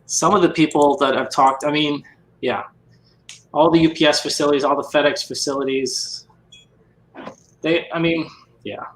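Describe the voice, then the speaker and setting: A man with a bright, forceful tone talks things over at a measured pace, often restarting his sentences. His voice rings in an echoey room. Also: on the high side, steady tone, a little hiss or hum. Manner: measured, thoughtful, halting restarts. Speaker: podcast host. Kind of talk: casual chat.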